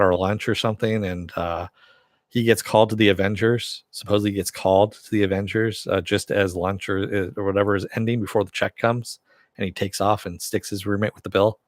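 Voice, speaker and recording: A man with a low voice hosts a casual live stream, reading viewer comments and riffing on them. He rambles and laughs at himself often. The sound is dry and close. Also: dry recording. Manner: rambling, self-deprecating, chuckles often.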